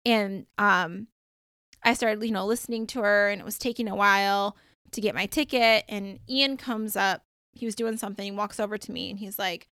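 A woman podcast host and coach telling a story in a casual, chatty way, full of "like"s and lively retelling. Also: medium pitch, normal speed, clean tone, dry recording, studio quality.

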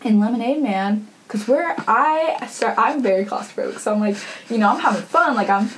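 Young woman rambling through a story on her podcast, lots of "like"s, kinda high voice, little bit of hiss behind. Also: animated, moderate pace, poor audio. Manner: chatty, many fillers and "like"s, laughs often. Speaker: podcast host. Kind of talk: casual storytelling.

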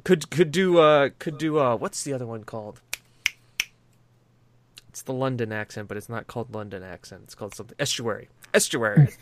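A man hosting a podcast, chatting casually in an animated, sweary way with frequent restarts. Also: mid-range voice, fairly quick, pauses often, slight background noise. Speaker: podcast host.

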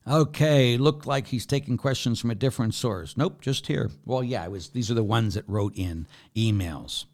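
A man's voice: medium pitch, moderate pace, darkish tone. A middle-aged man, a priest, reading out viewer questions and answering each one in a plain, direct way during a live talk.

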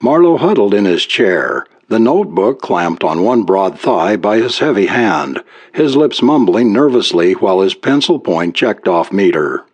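A man reading a story aloud as an audiobook narrator, in a measured storytelling manner. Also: lowish voice, sing-song, dry recording.

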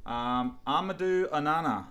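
A man's voice: a little high, moderate pace, fairly bright tone. A man hosting a quiz on a casual podcast, reading out names in a laid-back way. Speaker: quizmaster.

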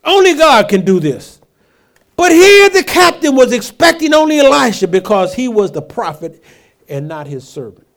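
A male pastor preaching a sermon, throwing rhetorical questions at the congregation and swinging from hushed asides to loud emphatic lines. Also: extremely high pitch, sing-song, normal speed.

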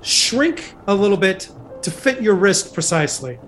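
A man's voice: sits high, sing-song, moderate pace, a bit bright. A man narrating as game master, rambling with many fillers.

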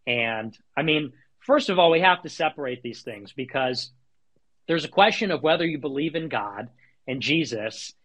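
A man's voice: a little high, expressive, moderate pace, fairly bright tone. A man in a heated debate, challenging and cutting in on the other side. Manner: interrupting, challenging.

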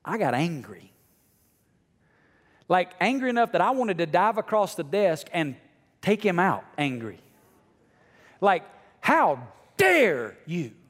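A middle-aged male pastor preaching a sermon to his congregation, dropping to a hush and then rising almost to a shout. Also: high-pitched, sing-song, measured pace, long pauses, long reverb tail. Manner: swings from hushed to near shouting. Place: church sanctuary.

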